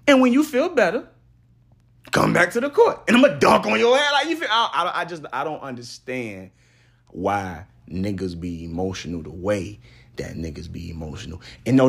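A young adult man hosting a podcast, ranting casually and swinging from loud trash talk to low mutters. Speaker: podcast host.

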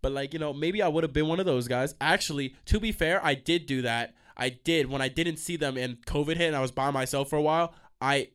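A man's voice: on the high side, a little fast, hardly any pauses, smooth. A young man hosting a college radio show, rambling casually and profanely, getting heated and jumping off track. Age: young adult. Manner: profane, excitable, jumps off track. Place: college radio station studio.

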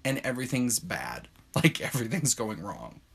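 Animated, rambling man chatting casually. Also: on the low side, normal speed, vocal fry, husky. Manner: rambling, heavy use of "like", lively and laughing. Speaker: podcast co-host. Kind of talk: casual chat.

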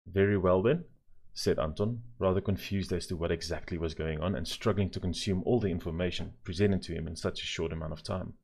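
A man narrating a children's story in a measured, gently expressive way. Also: low-pitched.

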